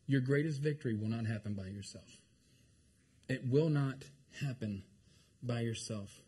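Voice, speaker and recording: A male pastor preaching with emphatic, repetitive delivery, swinging from forceful loud phrases down to hushed ones. His voice sits at an ordinary middle pitch. He keeps checking in with the congregation as he goes. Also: a little hiss or hum. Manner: emphatic preaching, repeats lines and asks the congregation if they are hearing him. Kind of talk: sermon.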